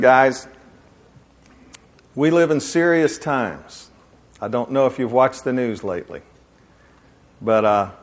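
A man. He tells his stories in a folksy, joking way. His voice sits at an ordinary middle pitch for a man. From Alabama, USA. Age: 50s. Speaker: men's ministry speaker. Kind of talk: speech to a live audience.

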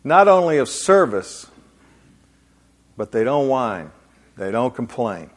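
Man, fifties, folksy joking storyteller addressing a crowd, middle-pitched voice. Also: big pitch swings, takes it slowly. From Alabama, USA. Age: 50s. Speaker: men's ministry speaker. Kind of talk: speech to a live audience.

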